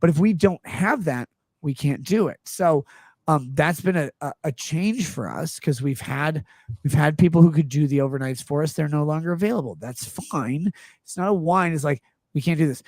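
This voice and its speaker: A man's voice: on the high side, normal speed, darkish tone, dry recording, studio quality. A man in his thirties hosting a casual live-stream chat, earnestly and defensively explaining himself at length. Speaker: show host.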